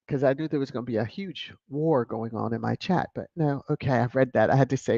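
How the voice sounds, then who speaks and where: A man hosting a live stream, reading viewer comments in a casual, animated way with laughs and sudden high exclamations. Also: brisk, vocal fry, few pauses, no echo, muffled recording. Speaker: livestream host reading chat.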